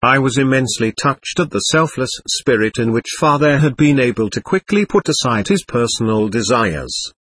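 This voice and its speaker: A man narrating an audiobook memoir in an earnest, measured reading on a close microphone. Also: medium pitch, lively intonation, a bit bright, slightly rough, no echo.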